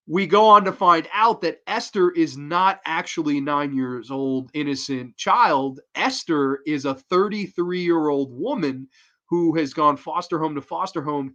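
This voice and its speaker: A man in his twenties reviewing a horror film in a casual, excitable way, swearing freely. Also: on the high side, highs cut off.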